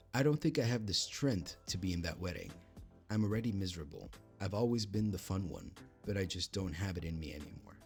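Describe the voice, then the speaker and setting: A lower-pitched man reads an online post aloud and reacts to it as he goes. He trips over his words, laughs at his own mistakes and drifts into a put-on British accent. Faint music plays behind him. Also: a little mellow. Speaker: reaction video host. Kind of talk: reading an online post aloud with live commentary.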